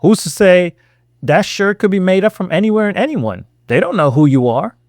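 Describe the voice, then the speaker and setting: A man's voice: high-pitched, big pitch swings, normal speed, dry recording, studio quality. Sarcastic man lecturing his viewers. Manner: sarcastic, lecturing the viewer, acts out quotes loudly. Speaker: reaction commentator. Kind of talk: reaction commentary.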